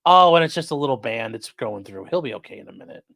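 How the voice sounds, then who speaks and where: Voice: mid-range voice, fast, gravelly, no room sound. A live-stream host chatting casually at home, reading viewer comments aloud, swearing freely, rambling, and soothing a dog between remarks. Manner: animated, profane, rambling, talks to chat and dog. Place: at home indoors.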